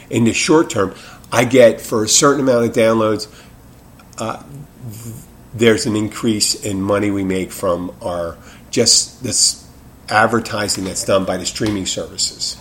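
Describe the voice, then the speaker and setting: Male podcast host, lowish voice, loose rambling solo talk with restarts, faint hiss behind. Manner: rambling, self-interrupting, frank and profane. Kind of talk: casual solo podcast monologue.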